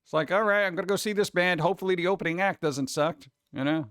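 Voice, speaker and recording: A man hosting a live stream and chatting casually with viewers, animated and loose, often slipping into mock voices. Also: sits high, fast, clear, resonant tone, dry recording, studio quality. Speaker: streamer host.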